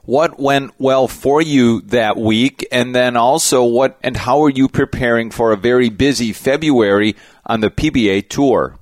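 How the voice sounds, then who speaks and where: A man's voice: medium pitch, a little slow, no echo. A man hosting a podcast, introducing a guest and asking loose questions with a few restarts. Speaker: podcast host. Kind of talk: interview hosting.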